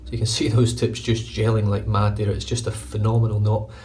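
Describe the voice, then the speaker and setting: A man's voice: fairly low pitch, level tone, a little fast, a little mellow, far from the mic, slight background noise. A middle-aged Scottish man with a Glaswegian accent, chatting casually and swearing freely as he reviews shaving gear in his bathroom. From Scotland. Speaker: shaving vlogger. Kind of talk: casual chat. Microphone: phone camera.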